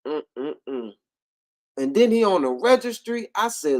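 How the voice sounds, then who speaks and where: A man hosts a loose commentary livestream. His voice sits a little high for a man, and he drawls, laughs often and loops back over his own words with plenty of profanity. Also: very animated, takes it slowly, a little mellow. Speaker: livestream host.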